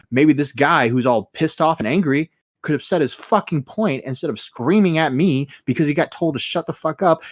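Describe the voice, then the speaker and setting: A man hosting a casual podcast, telling a story with lots of swearing and an animated delivery. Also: on the high side, no echo, studio quality. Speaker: podcast host and moderator.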